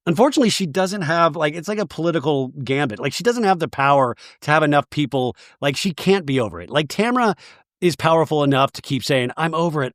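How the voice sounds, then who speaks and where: A man's voice: mid-range voice, no echo, studio quality. A man hosting a podcast, recapping a reality show in a casual, comic way and acting out the cast's lines. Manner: animated, quotes cast members in exaggerated voices, swears.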